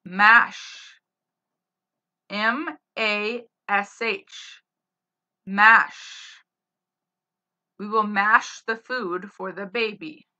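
A woman teaching spelling, saying each word slowly, spelling it letter by letter and using it in a sentence. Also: medium pitch, steady tone, bright, forceful tone. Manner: spells words letter by letter, then gives example sentences. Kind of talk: slow dictation of spelling words. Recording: slightly dull lo-fi sound.

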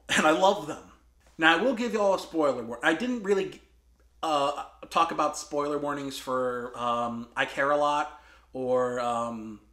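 A man's voice: a little high, pushed and bright. A man hosting a movie review show, talking casually with many fillers and restarts. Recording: roomy room.

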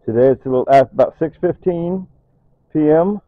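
An older man vlogging casually at home, excitedly showing his tomato plants and repeating exclamations, filmed on a camera held close. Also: fairly high pitch, brisk, no echo. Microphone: phone camera held close. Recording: dry tinny phone-like audio.

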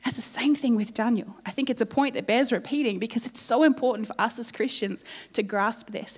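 A woman preaching a sermon in church, telling the story in a lively way with playful asides to the congregation. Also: fairly high pitch, moderate pace.

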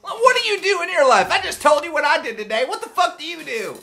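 A man putting on a furious redneck voice as a prank in online game chat, shouting, stammering with rage and hurling insults. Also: very high-pitched, sing-song, quick pace, heavily acted. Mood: enraged. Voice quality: gravelly, shouting. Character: furious loudmouth redneck man, patriotic ranter.

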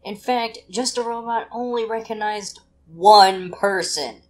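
A commentator who answers a clip with short, deadpan rebuttals in a dry tone. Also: medium pitch, measured pace. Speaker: reaction commentator.

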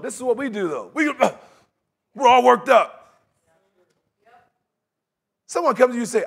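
A man preaching a sermon in a conversational, animated way, acting out quotes and laughing along with his points. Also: very high-pitched, measured pace, vocal fry, pauses often, husky.

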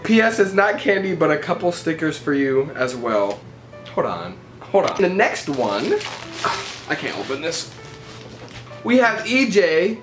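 Chatty vlogger with a lively, swooping delivery, recorded in a roomy space over faint music. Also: medium pitch. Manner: excitable, gushing, chatty. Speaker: art vlogger. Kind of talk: casual chat to camera.

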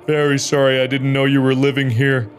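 A man voicing a huge mutated masked boy who pleads softly to be allowed to stay. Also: medium pitch, little pitch movement, brisk, soft background music, voice pushed up, lightly acted. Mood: pleading. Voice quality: distorted, resounding childlike voice.

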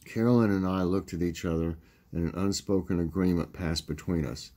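A man, hosting his own channel, reading a morning devotional and praying in a calm, steady way. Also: low voice, brisk. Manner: calm, steady reading, casual chat at the end. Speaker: vlog host leading devotions.

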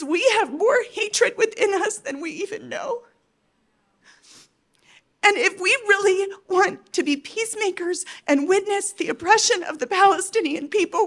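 A woman giving an impassioned, tearful conference address, pleading and emphatic with her audience, swinging between loud outbursts and soft, hushed moments. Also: very high-pitched. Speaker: conference speaker.

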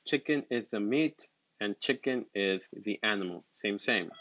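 Male teacher, lowish voice, patient drilling of simple words, lo-fi recording. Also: a bit bright. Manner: repeats words slowly and patiently. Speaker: English teacher. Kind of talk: slow, simple vocabulary lesson. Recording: dull, lo-fi sound.

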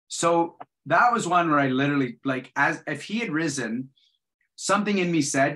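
Bright-voiced animated male storyteller. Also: a little high, a little fast. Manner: animated storyteller, acts out quotes. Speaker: guest martial artist. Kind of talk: casual chat.

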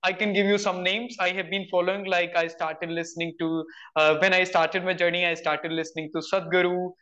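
A man's voice: high voice, level tone, fairly quick, bright, forceful tone. A young Indian man with an Indian English accent, chatting earnestly as a guest and filling his talk with "like, you know". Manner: earnest, uses many "like, you know" fillers. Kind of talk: casual conversation. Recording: dull, lo-fi audio.

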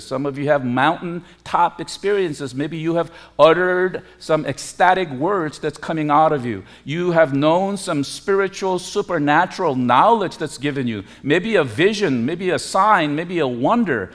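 A pastor delivers a sermon in a high voice, taking his time over each phrase. His preaching is emphatic, climbing to forceful peaks on key words before dropping low and quiet. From lived in Korea.

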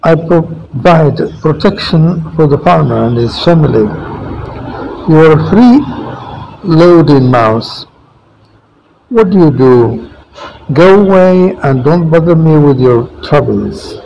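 Man reading as drowsy old hound dog, dismissive, storybook, unhurried. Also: a little high, animated, vocal fry, darkish tone, lo-fi sound, a little hiss or hum, heavily acted.

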